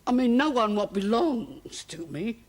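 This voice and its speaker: An actress playing a strict middle-aged cook in a great house, speaking in a husky, halting voice. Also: female voice, a little high, big pitch swings. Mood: grieving. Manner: defensive then grieving, broken speech. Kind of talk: period television drama.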